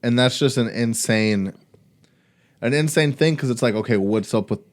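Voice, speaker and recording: A man's voice: medium pitch, normal speed. A man co-hosting a podcast, talking casually and building his points with rhetorical questions. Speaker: podcast co-host.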